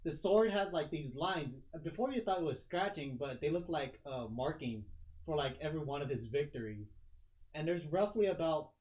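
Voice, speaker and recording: A man's voice: on the high side, lively intonation, moderate pace, a little mellow. A man narrating a home tabletop game as game master, rambling with many fillers and often laughing. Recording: dull home recording.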